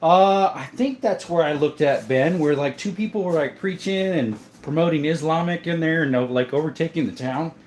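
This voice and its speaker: A man's voice: on the high side, moderate pace, hardly any pauses, darkish tone, a little hiss or hum. Chatty man hosting a live chat. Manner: chatty, greets viewers by name. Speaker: livestream host reading chat. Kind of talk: casual live-chat talk.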